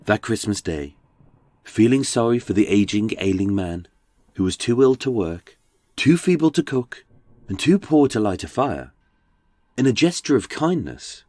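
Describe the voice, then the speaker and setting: A man's voice: fairly low pitch, animated, a little slow, a little mellow, no echo. A man with a British accent, narrating a true-crime podcast in a dramatic, darkly wry storytelling manner. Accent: British English.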